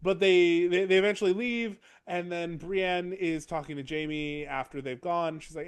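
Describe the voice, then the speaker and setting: A man recapping a chapter on a podcast, in a fairly high voice. He talks casually and in a rambling way, and he breaks into quick acted-out lines for the characters. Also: fairly even intonation, smooth. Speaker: podcast co-host. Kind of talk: casual book discussion chat.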